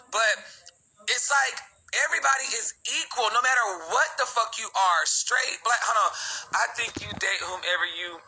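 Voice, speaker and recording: A man on a casual livestream, answering viewer comments with a blunt, impassioned rant full of swearing that swings between loud outbursts and muttered asides. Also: sits high, normal speed, slightly rough, rough recording. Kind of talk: casual live-stream rant.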